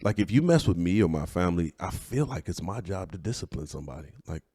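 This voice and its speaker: A man hosting a podcast in casual chat, blunt and profane, with quick agreeing fillers. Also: low-pitched, big pitch swings, mellow, husky, no room sound, studio quality. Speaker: podcast host.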